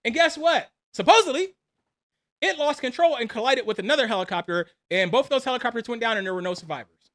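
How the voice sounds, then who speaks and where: Bright-voiced army veteran man in his forties. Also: very high-pitched, fast. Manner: animated, acts out dialogue, laughs between lines. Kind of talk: casual personal storytelling.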